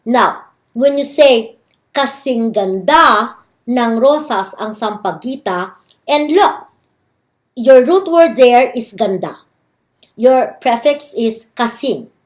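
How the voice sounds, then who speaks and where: A woman with a Filipino accent teaching a recorded grammar lecture. Her voice sits a little high, and she spells out each rule patiently, repeating examples and slowing down on key syllables. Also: animated. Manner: slow, careful explanation with repeated examples. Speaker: language teacher.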